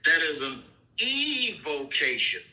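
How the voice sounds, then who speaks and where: Male minister, informal Bible teaching, emphatic and repetitive, bright tone. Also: on the high side, wildly swooping pitch, slow pace, poor audio. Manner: emphatic, repeats "okay?" and "you see?".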